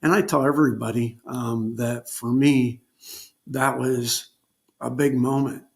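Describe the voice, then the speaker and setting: A man recounting a personal ordeal as an interview guest, speaking haltingly with frequent pauses and filler words. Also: medium pitch, fairly even intonation, vocal fry, darkish tone. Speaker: guest telling his survival story. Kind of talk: unscripted personal storytelling.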